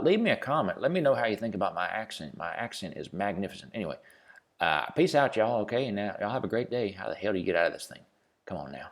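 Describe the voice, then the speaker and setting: A man's voice: fairly low pitch, darkish tone. A man hosting a casual crypto video, reading a script and then rambling, swearing and joking about himself. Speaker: crypto channel host. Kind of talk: casual screen-share commentary.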